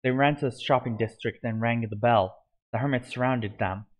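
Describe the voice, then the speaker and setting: A man narrating a homemade fan story aloud, with a middle-pitched voice. He reads steadily, now and then stumbling and restarting a word. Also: normal speed. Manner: steady reading with small slips and restarts.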